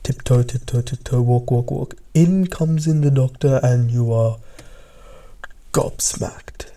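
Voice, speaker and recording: A young man casually narrating a second-person storytime, often dropping into hushed, half-whispered asides. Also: medium pitch, moderate pace.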